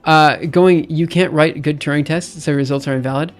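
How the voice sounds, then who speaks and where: A man's voice: on the high side, steady tone, normal speed. A man streaming, reading a research paper aloud and ranting about it in an exasperated voice that keeps repeating and restarting itself. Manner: exasperated, repetitive, restarts often. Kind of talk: casual ranting commentary.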